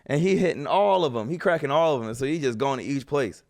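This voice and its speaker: A man giving casual, animated reaction commentary as a streamer, slangy and swearing freely. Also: medium pitch, fast.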